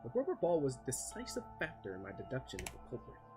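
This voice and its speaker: A man voicing a calm, confident young detective who explains things step by step while reading a visual novel aloud. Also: soft background music. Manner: measured, low, explaining step by step.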